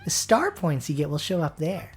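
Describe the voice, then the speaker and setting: A man's voice: fairly high pitch, wildly swooping pitch, moderate pace, faint music behind, pitched above the performer's own voice. A man voicing a peppy, sassy young female student sidekick who coaches the hero upbeat and chirpy. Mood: cheerful.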